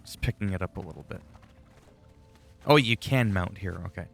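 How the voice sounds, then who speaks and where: A man's voice: low-pitched, moderate pace, vocal fry, soft background music. A man giving casual, rambling commentary while playing a game, chatty and swearing freely. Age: adult, long-time player. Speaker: gaming channel host.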